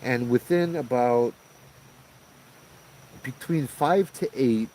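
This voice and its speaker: A man, casually retelling a paranormal encounter as host, in an animated, conversational way. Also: mid-range voice, slow, slight background noise, low-quality recording. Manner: animated, conversational retelling with frequent "you know" and "right?". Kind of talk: casual spoken ghost story.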